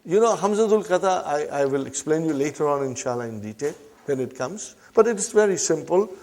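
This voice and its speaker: A man leads a classroom language lesson in a slightly higher than usual voice. He says each phrase slowly and repeats it, then stops often to ask his students if they follow. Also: animated, a little mellow. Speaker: Arabic language teacher.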